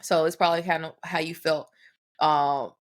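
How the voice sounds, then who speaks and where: A woman's voice: deep voice, flat delivery, moderate pace. A woman hosting a casual podcast, speaking reflectively with trailing restarts as she thinks aloud. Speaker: podcast host.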